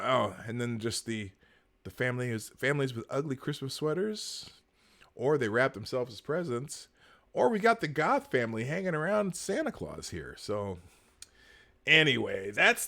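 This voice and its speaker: A male live-show host talks at an unhurried clip, his pitch bouncing from low grumbles up to high exclaims. He rambles through sarcastic asides, filling gaps with ums and breaking into laughter often. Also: fairly bright tone. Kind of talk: casual live-stream commentary.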